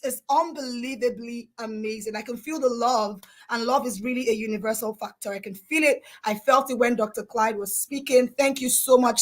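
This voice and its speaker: Female host, high and bright, bursting with excitement, loud exclamations. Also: low-quality recording. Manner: effusive, exclamatory, often near shouting. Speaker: event host. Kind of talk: live online conference hosting.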